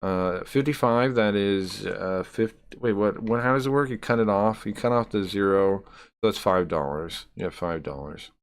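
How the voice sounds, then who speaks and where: A man with a lowish, clean voice talks at a moderate pace during a live stream. He rambles loosely with his viewers, chatting casually and reading and tallying numbers aloud from the screen.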